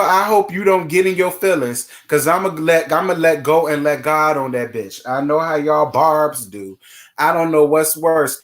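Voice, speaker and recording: A sassy man with a fairly high voice runs a casual live stream. He greets his viewers one by one and gives blunt commentary laced with swearing. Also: fairly bright tone. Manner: greets chat viewers by name.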